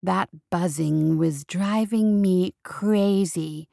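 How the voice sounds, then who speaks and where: A woman voicing an unhinged adolescent girl who is a calm killer, speaking slowly, softly and offhandedly. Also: lowish voice, creaky, no echo, clean studio sound, heavily acted. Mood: eerily calm.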